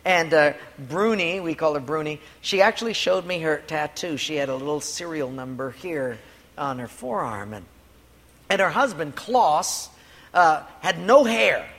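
A man's voice: a little high, animated, a little slow, fairly bright tone. A man preaching a sermon, telling a personal story earnestly and repeating key lines for emphasis. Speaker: pastor. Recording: long hall reverb, faint room noise.

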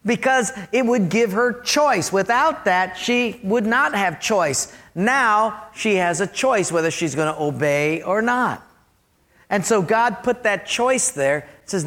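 Animated high-voiced male preacher. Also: measured pace. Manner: animated, emphatic, questioning the congregation. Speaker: pastor. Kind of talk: sermon.

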